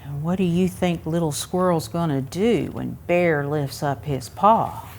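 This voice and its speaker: A woman reading a picture book aloud to young children at a museum story time, pausing to ask them questions. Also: sits low, a little hiss or hum. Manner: asks young listeners questions, expressive.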